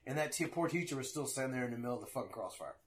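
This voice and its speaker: A man's voice: mid-range voice, very fast. A man telling stories in a casual, profane podcast chat, swearing freely and acting out the people in them. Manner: profane, animated storyteller.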